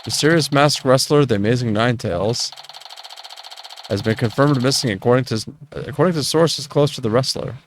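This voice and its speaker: A man's voice: medium pitch, moderate pace, a little hiss or hum, close to an everyday voice. Guy doing a tv news reporter, formal newsreader style. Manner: formal news-reading delivery.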